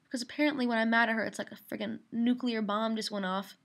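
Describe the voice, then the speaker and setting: A teenage girl records a casual video diary, her voice sitting a little high. She rambles and vents, leaning on ums, uhs and likes as she talks it through. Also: fairly even intonation, fast talker, gravelly. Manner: rambling and venting, full of fillers. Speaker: video diarist. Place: her mother's office.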